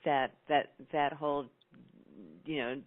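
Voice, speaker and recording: A woman's voice: low-pitched, steady tone, slow pace. A woman radio host summing up her guest's points in a reflective way, often restarting her sentences. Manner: reflective, summarizing, with many restarts. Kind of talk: interview conversation. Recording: phone-like radio line.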